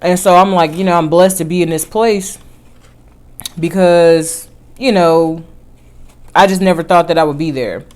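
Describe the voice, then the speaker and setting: A woman vlogger chatting casually to her viewers in a rather low voice. She tells her story in an animated way, rising and falling in pitch and loudness as she goes. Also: a little slow, pauses often. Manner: chatty storytelling with lively swings in pitch and volume. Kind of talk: casual chat.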